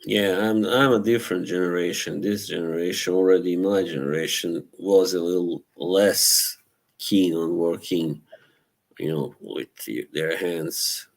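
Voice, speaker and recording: A man's voice: deep voice, gravelly, rough recording. A man casually chatting on a live stream, reading viewer messages and laughing often. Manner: slow, laughing, trying British accents for fun.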